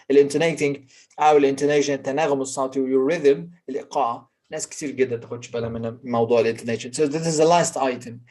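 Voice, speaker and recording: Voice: medium pitch, a little mellow. A pronunciation teacher with an Egyptian accent, giving a recorded lesson and explaining each point in English and then again in Arabic.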